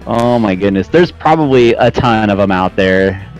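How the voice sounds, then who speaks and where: Animated man telling a story. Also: fairly low pitch, normal speed, faint music behind, poor audio. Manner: animated, laughing, says "dude" and "man". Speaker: podcast guest, flight sim air traffic controller. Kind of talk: casual chat, storytelling.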